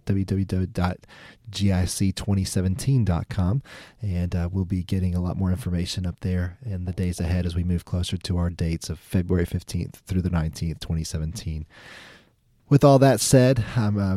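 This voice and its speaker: A man's voice: low voice, mellow, dry recording, clean studio sound. A man hosting a podcast, talking enthusiastically with lots of "uh" fillers and frequent laughs. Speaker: podcast host. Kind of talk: podcast intro and interview.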